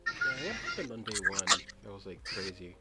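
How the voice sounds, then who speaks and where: A man's voice: sits low, huge pitch swings, a little fast, sharp tone, faint music behind. A young man co-hosting a podcast, telling a story in a rambling, casual way with many fillers. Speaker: podcast co-host. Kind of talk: casual chat among friends.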